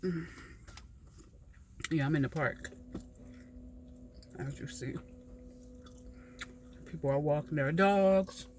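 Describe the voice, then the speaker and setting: Slow-talking woman with a southern drawl. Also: sits low, noisy background. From Philadelphia. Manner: chatty, slow and relaxed, talking between bites. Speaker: mukbang vlogger. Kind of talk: casual chat while eating. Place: parked car in a park.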